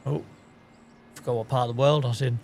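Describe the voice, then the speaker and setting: A man's voice: medium pitch, fairly even intonation, quick pace, a little mellow. Chatty, swearing man streaming. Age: adult. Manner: chatty, swearing, joking, mutters while playing. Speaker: streamer playing a farming game. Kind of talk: casual live-stream chat.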